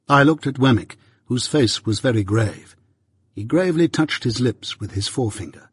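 A man narrating a classic novel in the first person with a measured, even reading. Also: medium pitch, husky, no echo. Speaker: audiobook narrator. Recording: dry close mic.

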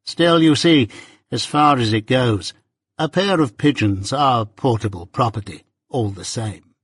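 A man voicing a brisk, dry male law clerk with a wry, clipped manner, read as an audiobook. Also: medium pitch, slightly rough, no echo.

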